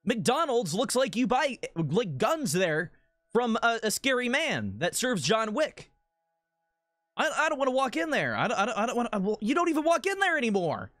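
Animated, high-voiced ranting male streamer. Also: moderate pace, no room sound, faint music behind. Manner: rambling, profane, animated ranting. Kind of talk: casual gaming stream chatter.

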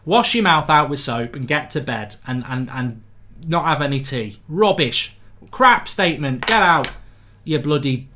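A man's voice: mid-range voice, animated, normal speed, sharp tone. A man hosting a live football fan reaction stream in a blunt, sarcastic, ranting manner.

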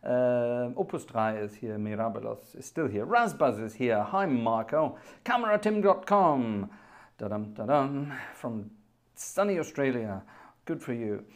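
A man's voice: medium pitch, expressive, measured pace. A man hosting a live music stream, who greets viewers in a playful, jokey and chatty way. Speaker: livestream host and organist. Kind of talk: casual livestream chat greeting viewers.

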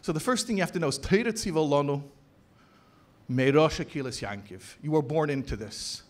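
A man in the role of a rabbi, giving a conference talk to educators. His voice sits a little high for a man, and he hammers his points by repeating phrases and drawing out key words. The delivery is emphatic and deliberate, a teacher building an argument step by step. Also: expressive. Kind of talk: conference lecture. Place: convention hall.

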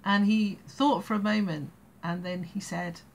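A woman's voice: medium pitch, fairly even intonation, unhurried. An English woman in her sixties telling a family anecdote in a casual, rambling way, laughing between phrases. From England. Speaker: storyteller vlogger.

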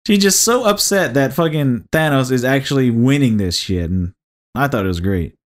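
A man's voice: mid-range voice, lively intonation, moderate pace. A man co-hosting a podcast in casual, crude chat, joking and teasing with running gags. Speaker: podcast co-host.

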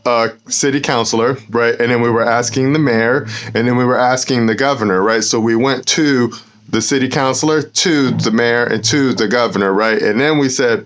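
A man talking outdoors in a middle-pitched, everyday voice. He rambles loosely and checks in with "right?" and "you know" after almost every point, like a host chatting straight to his camera. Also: steady tone, moderate pace. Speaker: show host. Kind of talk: casual talk to camera. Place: outdoors in the cold.

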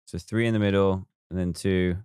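A man's voice: low voice, fairly even intonation, normal speed, a little mellow, smooth. A man live streaming a building game, chatting casually, reading viewer comments aloud and counting blocks as he works.

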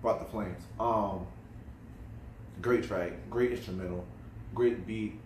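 A man giving casual, excitable reaction commentary on an album, with exclamations and drawn-out remarks. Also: fairly low pitch, recorded from a distance, background noise. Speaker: music reaction vlogger. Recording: roomy, off-mic, music underneath. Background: album playing.

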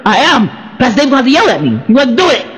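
A man, an artist, telling a personal story in a casual monologue, excitable and repeating phrases for emphasis. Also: very high-pitched, rapid-fire, long reverb tail, poor audio.

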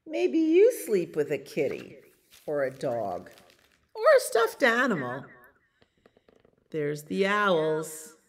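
Slow, lively-voiced woman librarian reading. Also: deep voice. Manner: gentle, animated reading to children. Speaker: children's librarian. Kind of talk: bedtime storytime reading.

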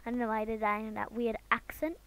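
Goofy chatty woman with gravelly edge. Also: on the high side, flat delivery, fast talker. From Britain. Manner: chatty and goofy, jumping between loud outbursts and whispers. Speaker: drawing vlogger. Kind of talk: casual commentary while drawing.

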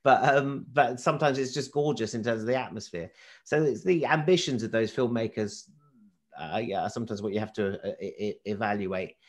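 Male film critic, animated and chatty, stumbles and restarts often. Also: lowish voice. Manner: animated, halting with many restarts. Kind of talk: casual talk.

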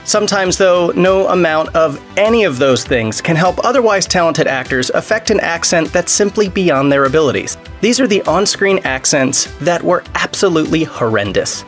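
Male narrator, sardonic, scripted, soft music underneath. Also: fairly high pitch, animated, moderate pace, few pauses. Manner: wry, sardonic delivery.

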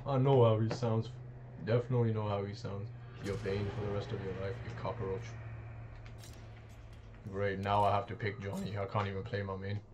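A man's voice: lowish voice, level tone, moderate pace, long pauses. A man streaming gameplay live, talking with brash, profane trash talk. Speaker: game streamer. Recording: dull lo-fi mic with faint noise.

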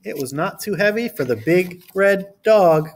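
Lively man reading aloud to children. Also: high-pitched, unhurried. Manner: lively storybook reading with character voices; gentle, instructive, talking directly to children. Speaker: teacher. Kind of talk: read-aloud lesson for children.

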